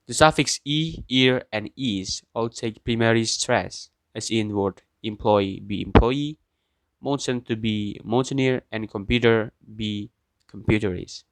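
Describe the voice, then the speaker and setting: A young man with an Indonesian accent reading a student presentation, pausing between example words. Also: fairly low pitch, dry recording.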